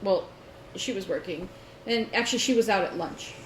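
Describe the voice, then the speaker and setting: A woman co-host chats casually and tells a story with lively energy, laughing now and then. Her voice sits in the middle of the range. The recording has a roomy echo and a light background hiss. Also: mid-range voice, normal speed. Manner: animated storyteller, laughing often. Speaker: podcast co-host. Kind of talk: casual chat. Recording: roomy echo, faint noise.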